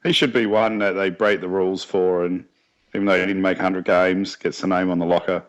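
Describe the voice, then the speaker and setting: Low-voiced Australian man, dull lo-fi sound. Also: little pitch movement, fairly quick. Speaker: podcast co-host. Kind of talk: casual sports chat. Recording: dull lo-fi recording.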